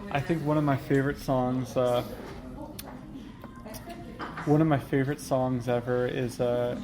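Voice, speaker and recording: A young man hosts a casual podcast from a Korean restaurant, rambling and using lots of fillers while busy restaurant chatter carries on behind him. His voice is medium-pitched with little pitch movement, and he talks a little slowly.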